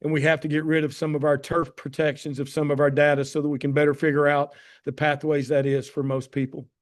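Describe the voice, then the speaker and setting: During a storytelling presentation on a call, an addiction medicine doctor in his fifties from Tennessee talks in a quick, fairly high voice with a Southern drawl and little pitch movement. Warm, folksy, emphatic, and heartfelt, he keeps calling his listeners "guys."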